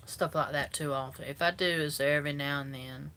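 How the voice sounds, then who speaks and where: In a phone-recorded live chat, a female vlogger with a South Carolina Southern drawl rambles comfortably with her viewers. Her voice is low and fairly bright, her tone steady, and she talks at a normal speed.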